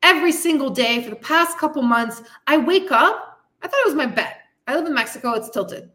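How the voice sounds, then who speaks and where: Woman, podcast host, fitness coach, high voice, sharp bright tone, blunt, frustrated, swearing, tough love. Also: lively intonation, a little fast. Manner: frustrated, venting. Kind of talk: candid motivational monologue.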